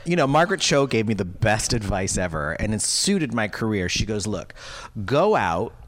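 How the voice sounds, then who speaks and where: A man's voice: lowish voice, a little fast, no echo. A man, a comedian, telling candid stories in casual conversation and acting out the voices of people he quotes. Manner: animated, jokey, acts out quoted voices. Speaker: comedian guest.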